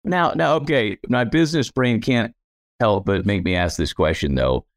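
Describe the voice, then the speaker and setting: A male podcast host who reacts warmly to his guest's stories and asks curious business follow-up questions. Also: fairly low pitch, expressive, normal speed, dry recording, clean studio sound. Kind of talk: conversational interview.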